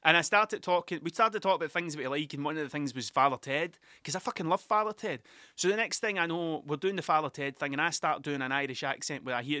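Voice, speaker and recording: A young Scottish man rambles through a casual solo podcast, swearing freely and drifting between stories. His voice sits a little high and sounds bright and forceful. The recording is dry and close to the mic. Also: animated, fast, no echo. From Scotland. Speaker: podcast host.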